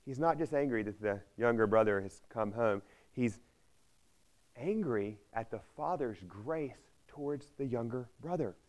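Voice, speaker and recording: A man delivers a sermon in an animated storytelling manner, leaning hard on key phrases and repeating them for emphasis. His voice sits at an ordinary middle pitch for a man. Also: unhurried. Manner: animated storytelling, acting out the characters' lines. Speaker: preacher.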